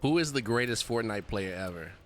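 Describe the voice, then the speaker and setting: A man's voice: lowish voice, animated, fairly quick. A man hosting a gaming stream, asking playful questions in a laid-back, slangy way. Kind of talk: casual live-stream chat.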